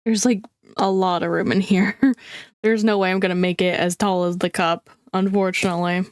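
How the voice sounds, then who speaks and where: A woman's voice: lowish voice, level tone, moderate pace, clear, resonant tone, no room sound. A woman chatting casually through a crafting vlog, talking to viewers with dramatic, squeamish groans and frequent laughs. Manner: chatty, self-deprecating, laughs often. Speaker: craft vlogger.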